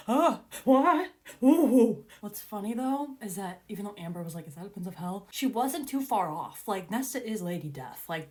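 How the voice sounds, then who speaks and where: A young woman reacting to a book as she reads, gushing and giggly, teary with excitement, exclaiming often. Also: a little high. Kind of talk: excited reading reaction chat.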